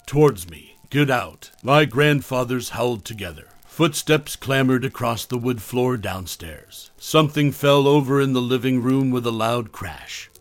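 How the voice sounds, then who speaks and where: Man, horror story narrator, measured low-key delivery, dry close sound, mid pitch. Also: dry recording. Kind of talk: first-person horror narration.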